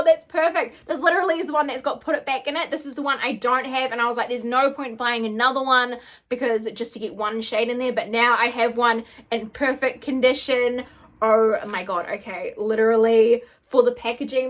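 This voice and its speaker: A woman beauty vlogger in an excited unboxing chat, gushing and often gasping and squealing. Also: fairly high pitch.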